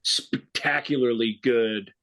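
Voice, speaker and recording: A man's voice: medium pitch, slow, vocal fry, fairly bright tone, rough recording. Rambling man chatting about movies. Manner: rambling storyteller, frequent restarts and fillers. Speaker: podcast co-host. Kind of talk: casual chat about movies.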